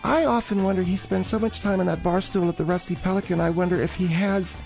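A man's voice: sits high, fairly even intonation, fast talker, gravelly, a little mellow, soft background music. A man hosting a comic call-in radio show, chatty and teasing, calling callers dear and honey. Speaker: radio host.

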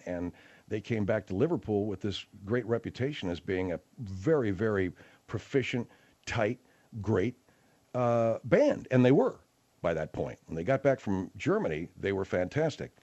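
Rambling radio host. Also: male voice, fairly low pitch, big pitch swings, normal speed, darkish tone, muffled recording. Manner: rambling, slangy storyteller. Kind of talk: late-night radio talk show.

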